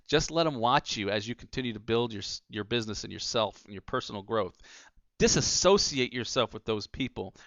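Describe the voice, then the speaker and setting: Male business coach, smooth resonant mid voice, dry close sound, slightly dull recording; earnest and preachy. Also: mid-range voice, fairly bright tone, dry recording. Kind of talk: motivational talk.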